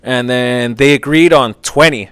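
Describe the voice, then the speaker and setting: A podcast host casually retells a story in a rambling, profane way, full of filler. His mid-range voice is smooth and fairly bright at a measured pace, recorded in a clean studio with no room sound.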